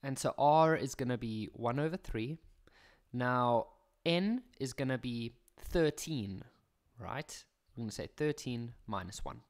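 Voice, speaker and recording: A man's voice: medium pitch, lively intonation, unhurried. A young man with a South African accent walks through maths exam questions in a casual teaching voice. He keeps it chatty and breaks in with jokes at his own expense. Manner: chatty, jokey, self-mocking asides.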